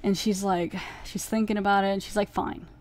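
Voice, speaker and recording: A woman's voice: medium pitch, steady tone, brisk, a little mellow, no room sound. Podcast lady rambling through a plot recap, says like a lot, dry close sound. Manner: rambling plot retelling, heavy on "like" fillers. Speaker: podcast host. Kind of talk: casual episode review.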